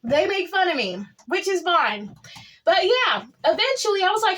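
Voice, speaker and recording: A woman with a strikingly high voice tells a storytime to her viewers. She talks boldly and boastfully, leaping up and dropping low for drama. Her delivery stays casual and chatty throughout. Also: lively intonation, normal speed, fairly bright tone. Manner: dramatic, swings pitch up and down; outspoken and boastful. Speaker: vlogger.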